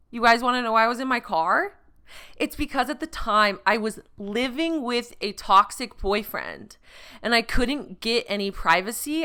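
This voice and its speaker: A woman's voice: medium pitch, bright, forceful tone, clear, resonant tone. A young woman hosting a comedy podcast, telling a crude, profanity-laced story with jokey asides. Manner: crude, profane, jokey with put-on quoted voices. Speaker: podcast host.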